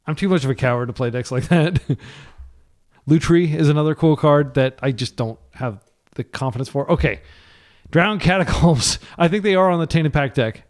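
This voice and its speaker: A man's voice: a little high, darkish tone. A man from the United States giving live, chatty commentary on his card game, thinking aloud and correcting himself as he plays. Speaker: gameplay commentator.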